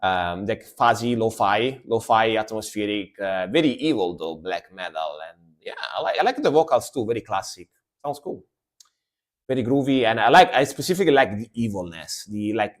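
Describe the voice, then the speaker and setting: A man's voice: fairly low pitch, animated, moderate pace. A man, chatting casually and rambling as he reacts to music on a live stream. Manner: chatty, rambling, lots of fillers.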